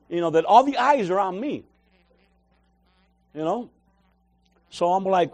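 A man's voice: a little high, lively intonation, moderate pace, long pauses. Man giving an emotional church testimony. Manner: emotional, repetitive, swings from loud to quiet. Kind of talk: personal testimony.

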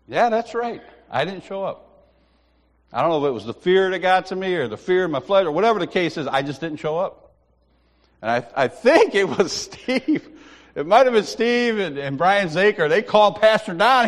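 A man's voice: high-pitched, sing-song, moderate pace. A man giving a sermon in a church, telling a personal story with acted-out dialogue and laughing at himself. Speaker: lay preacher. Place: church sanctuary. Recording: long hall reverb.

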